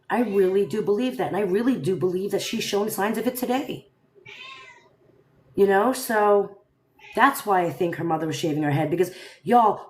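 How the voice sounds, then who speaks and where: A woman hosting a casual live stream from home, animated and talking directly to her viewers. Her voice sits at a medium pitch and carries a noticeably echoey room sound, as if picked up by a phone mic.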